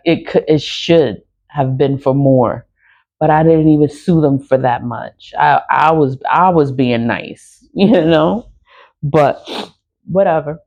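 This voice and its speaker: Woman vlogger, profane and repetitive, bitter laughs, warm low-fi sound. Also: lo-fi sound. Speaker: spiritual vlogger. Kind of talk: unscripted personal rant.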